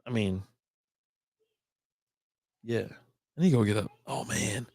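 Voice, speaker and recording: A man's voice: fairly low pitch, expressive, slow pace, vocal fry, darkish tone, no room sound, clean studio sound. A middle-aged man hosting a beer podcast livestream, chatting in a rambling, casual way and swearing freely.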